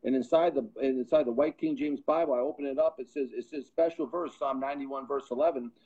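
A man's voice: mid-range voice, fairly even intonation, a little fast, dark tone, breathy edge. A middle-aged man, a podcast guest, earnestly telling a personal testimony and often repeating words as he builds momentum. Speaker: podcast guest, pro football scout. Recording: dull lo-fi sound.

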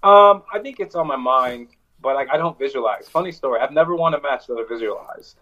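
Male wrestler guest, rambling storyteller, mid-pitched voice, dull lo-fi remote line. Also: a little fast, sharp tone. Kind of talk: casual interview chat.

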